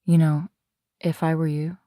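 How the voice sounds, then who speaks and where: Woman, podcast host, low voice, flirtatious, wry, chatting from bed. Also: little pitch movement, unhurried, warm tone, no room sound, clean studio sound. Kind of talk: scripted intro narration and casual interview chat. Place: bedroom, lying in bed.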